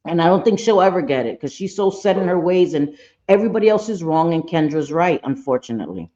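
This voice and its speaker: A woman's voice: on the low side, expressive, quick pace, mellow, highs cut off. A woman hosting a live reaction stream, talking bluntly and profanely and getting fired up.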